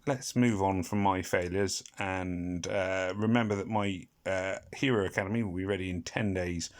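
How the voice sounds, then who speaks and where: A low-pitched British man keeps a steady tone and normal speed while giving rambling, relaxed commentary on a mobile game. The gaming commentator hums, adds small sound effects, and is self-deprecating whenever he slips up.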